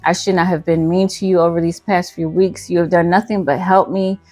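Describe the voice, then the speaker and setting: Brief: woman reading an injured husband, quiet and remorseful, lowish, dry sound. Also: level tone, brisk, dry recording, faint music behind, close to an everyday voice. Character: apologetic husband recovering from an accident.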